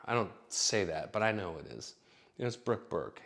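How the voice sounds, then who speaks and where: A man's voice: fairly low pitch, fairly quick, a bit bright. A man telling a long personal story in a casual, rambling way, full of fillers and swearing. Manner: rambling, profane, filler-heavy.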